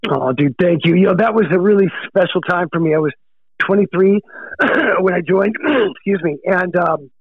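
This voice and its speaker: A middle-aged American rock drummer being interviewed, excitable, laughing often and calling people dude. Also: male voice, sits high, moderate pace, no echo, phone-quality sound. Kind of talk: casual interview chat.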